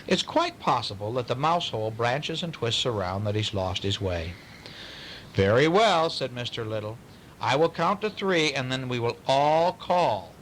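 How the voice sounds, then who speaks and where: A man reading a bedtime story aloud to a child, pausing to ask questions in a playful way. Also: medium pitch, expressive, fairly bright tone, slight background noise, poor audio.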